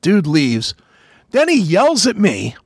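A man hosting a podcast, telling army stories in a casual, profane way and loudly acting out the people he quotes. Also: high voice, slow pace, slightly rough, no room sound, clean studio sound. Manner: animated, swearing, acts out quotes loudly. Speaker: podcast host, former soldier. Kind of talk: casual storytelling chat.

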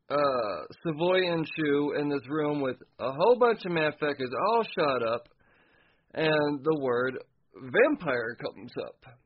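A man's voice: medium pitch, lively intonation, unhurried, dull audio. A man casually recapping a comic book chapter, swearing freely and laughing as he goes. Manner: loose and profane, laughs while recapping.

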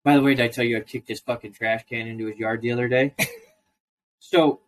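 A man's voice: medium pitch, fairly even intonation, quick pace. A man on a casual podcast, ranting in a profane, storytelling way. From Idaho, US. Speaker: co-host.

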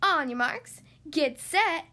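A woman voicing a boastful, hyper little girl duck who shouts and brags. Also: sits high, expressive, normal speed.

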